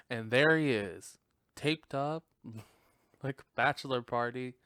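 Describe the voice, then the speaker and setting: A man hosting a podcast, reviewing a film in casual chat, profane and animated, laughing often. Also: mid-range voice, takes it slowly, pauses often, clear, resonant tone, dry recording, clean studio sound. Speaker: podcast host.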